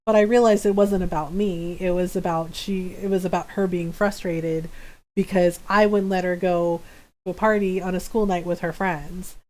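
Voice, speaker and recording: A woman's voice: on the low side, steady tone, normal speed, darkish tone. A woman in her forties, a game streamer chatting casually with viewers, often laughing between her phrases.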